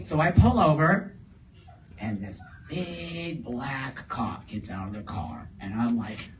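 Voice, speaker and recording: Animated man telling a story live. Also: a little high, moderate pace, crowd noise. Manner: animated, laughing often, acting out other people's lines. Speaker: guest storyteller. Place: live event in a store before an audience. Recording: roomy live room, distant mic, audible audience.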